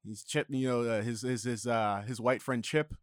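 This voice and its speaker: A man's voice: mid-range voice, fairly even intonation, moderate pace, no room sound, clean studio sound. A man chatting as a guest on a casual podcast, easygoing and hesitant, with many fillers.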